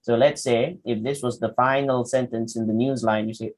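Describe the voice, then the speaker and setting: A man's voice: mid-range voice, steady tone, moderate pace, few pauses, a little mellow. A man giving a public speaking workshop, demonstrating with his voice and asking the audience questions. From Malaysia. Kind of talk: workshop lecture.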